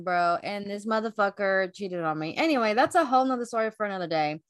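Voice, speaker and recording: A woman's voice: mid-range voice, animated, fast talker, dry recording, clean studio sound. A young woman co-hosting a podcast, chatting candidly, swearing freely and telling stories with energy. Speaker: podcast co-host. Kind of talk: casual chat.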